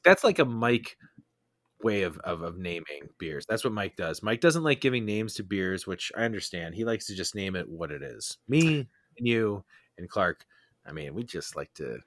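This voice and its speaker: A man's voice: low-pitched, big pitch swings, moderate pace, fairly bright tone, dry recording. A man hosting a casual podcast chat about beer, laughing often and talking with plenty of fillers and restarts. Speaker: podcast host. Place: Chicago area.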